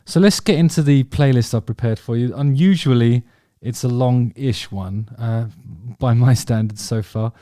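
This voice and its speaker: A man's voice: medium pitch, moderate pace, hardly any pauses, warm tone, dry recording, studio quality. A man chatting casually about favourite songs, rambling and enthusiastic, with many ums and restarts. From England. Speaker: vlog host talking about music.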